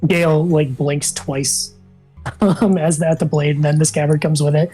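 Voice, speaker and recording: A woman playing a tabletop game, describing her character's actions in a relaxed way. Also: sits low, moderate pace, slightly rough, faint music behind, low-quality recording. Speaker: player. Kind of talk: tabletop role-play.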